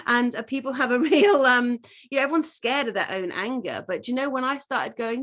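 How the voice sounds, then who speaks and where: A woman's voice: fairly high pitch, animated, brisk, fairly bright tone. Rambling, earnest woman coach. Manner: rambling and earnest, with frequent fillers, restarts and casual swearing. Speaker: life coach. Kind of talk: informal masterclass talk.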